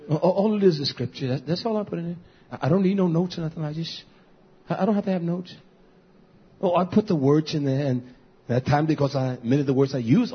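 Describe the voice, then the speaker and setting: An older man preaching an informal sermon, folksy and repetitive, slipping into animated storytelling. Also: mid-range voice, slightly rough, highs cut off.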